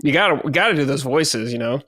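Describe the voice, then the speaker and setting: A man's voice: medium pitch, lively intonation, fast talker, sharp tone. Playful man on a podcast. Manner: playful, goofy. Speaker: podcast co-host. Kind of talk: casual chat.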